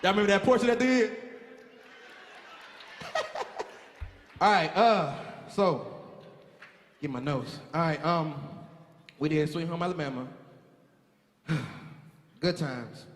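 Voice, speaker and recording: A man on stage as emcee, teasing the audience in comic banter with drawn-out sighs. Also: on the high side, animated. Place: theater stage with live audience. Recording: echoey theater hall with live music.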